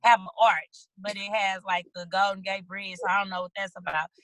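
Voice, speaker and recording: Bright-voiced woman on a video call. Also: mid-range voice, a little fast, dry recording, poor audio. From St. Louis, USA. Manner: animated storytelling, acts out little quoted lines. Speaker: guest, children's book author. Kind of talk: casual video-call interview.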